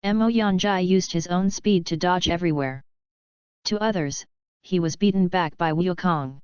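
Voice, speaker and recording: Woman reading a story, lower voice. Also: normal speed, darkish tone, smooth, no echo. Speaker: audiobook narrator. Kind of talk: reading a fanfiction audiobook. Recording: slightly dull, lo-fi dry sound.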